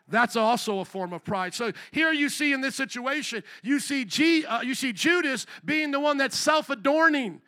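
A man preaching a sermon as pastor. He is animated, acts out little quoted voices, and calls out to the congregation. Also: high voice, moderate pace.

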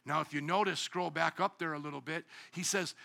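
A man preaching a sermon as pastor, animated, acting out little voices and sometimes shouting. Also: on the high side, a little fast, vocal fry.

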